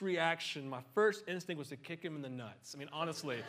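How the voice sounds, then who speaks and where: Middle-aged male pastor, lively casual sermon delivery with humorous asides. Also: a little high, brisk, hardly any pauses. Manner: animated, conversational, joking asides.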